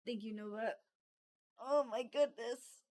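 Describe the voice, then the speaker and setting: A young woman streaming from home, reading a visual novel aloud with giggly, expressive reactions on a desk microphone. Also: on the high side, slow.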